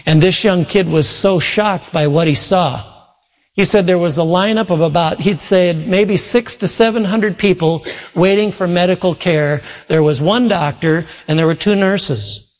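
A man delivers a sermon in earnest storytelling mode, weaving in quoted dialogue. His voice sits a little above the usual male pitch. The sound rings out with the long reverb of a large hall. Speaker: preacher.

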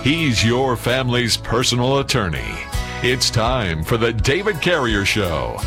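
A man's voice: medium pitch, big pitch swings, a little slow. A man reading a scripted show intro as announcer. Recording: announcer over loud music bed.

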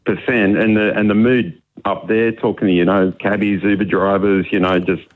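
A man raised in Australia but born in New Zealand rings in to a talk show and chats in a relaxed, easygoing way. His voice sits low and comes through a tinny phone line. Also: moderate pace. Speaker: caller. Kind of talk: phone-in chat.

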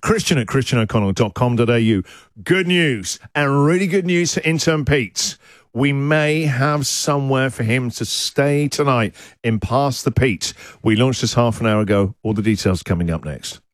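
A man's voice: medium pitch, normal speed, no echo, studio quality. A man hosting a radio show, joking and laughing his way through listener segments. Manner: jokey, laughing often, lively. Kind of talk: breakfast radio banter.

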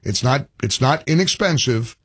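An older man holds forth as a talk radio host, his voice a little husky. He talks in a heated, animated rush, doubling back on his words. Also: medium pitch. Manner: animated, heated, rapid repetitions.

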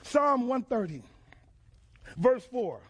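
A male pastor preaching a sermon, quizzing the congregation and building to emphatic shouts. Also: very high-pitched, sing-song, slow, breathy edge. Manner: call-and-response questions to the congregation, emphatic shouted build-ups.

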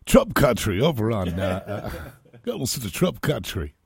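A man's voice: on the low side, sing-song, measured pace, creaky, a little mellow. A man hosting a talk radio show, chatting loosely and rambling with self-deprecating asides. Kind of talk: casual radio banter.

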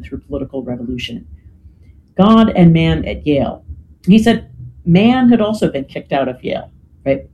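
This guest talks through history like a casual lecture, peppering it with "right?" checks and "you know" fillers. His voice is medium-pitched and mellow, heard through lo-fi sound with a bit of background noise.

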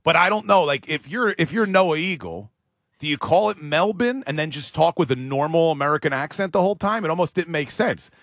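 A man hosting a sports talk show, talking casually and emphatically with big jumps in pitch. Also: expressive, fairly quick, a bit bright, no echo, clean studio sound.

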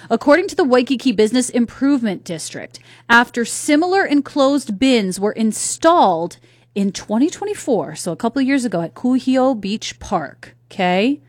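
A woman's voice: fairly high pitch, no echo, studio quality. A woman hosting a solo talk radio show, chatting casually and putting questions to her listeners. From North Carolina. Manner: chatty, conversational, asks the audience questions. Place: radio studio. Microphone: studio microphone.

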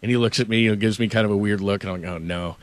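A middle-aged man hosting a sports radio show, chatting loosely and telling stories with lots of fillers and quick laughs. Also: lowish voice, steady tone, dry recording. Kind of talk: casual morning radio chat and storytelling. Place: radio studio. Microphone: studio microphone.

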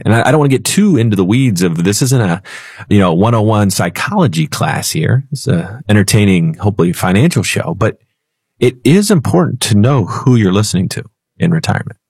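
Man, low husky voice, financial talk radio, playful storyteller, dry studio sound. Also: lively intonation, normal speed, a little mellow, no room sound. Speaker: financial radio show co-host. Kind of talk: casual talk radio chat.

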